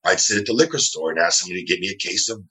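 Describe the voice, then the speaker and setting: A middle-aged man from New Jersey, a guest telling animated, rambling stories in a casual interview. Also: low voice, very fast, low-quality recording. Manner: rambling, animated, acts out quoted dialogue.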